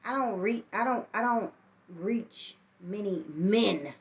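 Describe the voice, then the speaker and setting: A woman's voice: medium pitch, slow pace, lo-fi sound. A middle-aged woman talking candidly into her phone on a tripod, reflective and blunt, swearing at times. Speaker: vlogger. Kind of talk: casual personal monologue.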